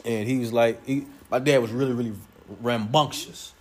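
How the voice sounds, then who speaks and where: A young man preaching a sermon to his congregation, loud and playful, joking with them as he goes. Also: medium pitch, steady tone, moderate pace, a little hiss or hum. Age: young adult.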